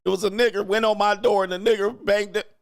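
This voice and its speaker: A man's voice: high voice, level tone, quick pace, vocal fry, smooth, voice pushed up. A man mockingly imitating a woman who is making excuses and apologizing, in an exaggerated, whiny tone.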